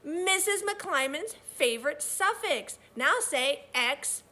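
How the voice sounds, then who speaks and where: A young woman teaching children, reading aloud and going over vocabulary words in an animated, encouraging, sing-song voice. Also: high voice, a little slow.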